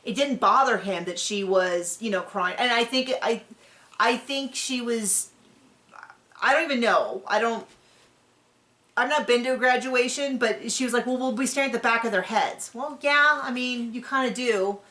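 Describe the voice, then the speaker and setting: A woman's voice: fairly high pitch, a little slow, bright, forceful tone. A woman hosting a podcast, recapping a reality show in casual, opinionated chat with frequent restarts. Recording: roomy echo.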